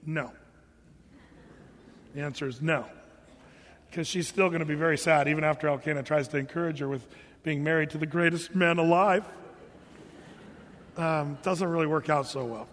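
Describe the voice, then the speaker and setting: A man preaches with a relaxed, joking delivery, pausing for asides to the congregation. His voice sits fairly high for a man. The sound rings with a long reverb, like a big hall. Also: slight background noise. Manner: humorous, conversational preaching with quoted asides. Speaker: pastor. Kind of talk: sermon.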